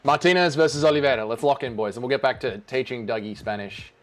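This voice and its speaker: A man's voice: mid-range voice, quick pace, faint music behind. A man hosting a casual watch-along livestream, joking around and reading out chat messages. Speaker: livestream host.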